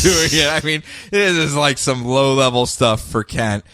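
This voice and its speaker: Male co-host, mid pitch, lively comic recapper, dry close mic. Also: a little slow, no echo. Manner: animated, acts out scenes and laughs often. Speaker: podcast co-host.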